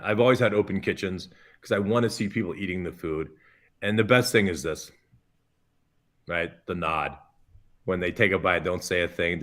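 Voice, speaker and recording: A middle-aged man, a chef guest on a podcast, telling an anecdote with lively, expressive delivery and acted-out quotes. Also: deep voice. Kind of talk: animated storytelling in podcast interview.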